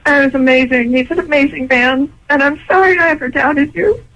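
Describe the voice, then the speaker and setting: A woman's voice: sits high, brisk, a bit bright. A woman on a radio phone call, speaking in an emotional, gushing way. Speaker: caller.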